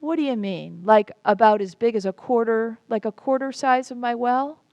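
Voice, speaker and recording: A woman's voice: a little high, moderate pace, darkish tone, no echo, lo-fi sound, lightly acted. A woman voicing a small male frog from a well who cannot believe what he hears, speaking in a doubtful, questioning way. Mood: incredulous.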